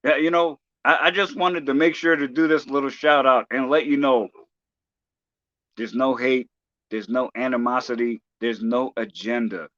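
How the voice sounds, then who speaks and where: A man talking on his own livestream, ranting in a halting, profane way with many restarts. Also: medium pitch, steady tone, fairly bright tone, no room sound, highs cut off. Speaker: live streamer. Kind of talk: casual livestream rant.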